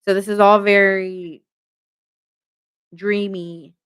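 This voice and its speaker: A woman giving a tarot reading on a live stream. Her voice sits at an ordinary middle pitch, and she talks in a loose, chatty way. She laughs easily and breaks off to greet viewers. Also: little pitch movement, slow pace, a bit bright, clean tone.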